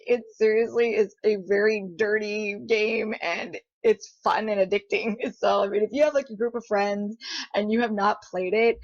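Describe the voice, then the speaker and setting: A young woman vlogger tells a chatty story in a mid-range voice, giggling often and acting out what people said, her talk full of fillers and quoted voices. It's a dull lo-fi home recording with no room sound.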